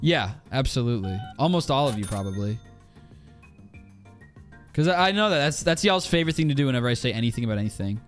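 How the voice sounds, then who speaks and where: A man's voice: medium pitch, very animated, fast talker, long pauses, faint music behind. A man with a strained throat, chatting casually and ranting with exasperation to his live-stream audience while he plays, swearing freely.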